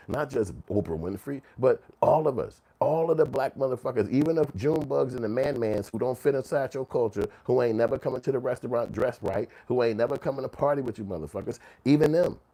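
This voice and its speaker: A man's voice: mid-range voice, mellow. Heated, profane man ranting on camera. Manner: heated, emphatic, swearing, acts out quotes in mocking voices. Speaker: channel host. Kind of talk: profane commentary rant.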